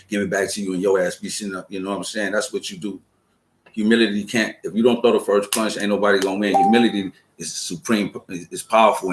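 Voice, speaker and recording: A man's voice: lowish voice, a little hiss or hum. A man hosting a show, giving a streetwise, profane spiritual talk and acting out quoted voices. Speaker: show host. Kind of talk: casual spiritual monologue. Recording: roomy echo.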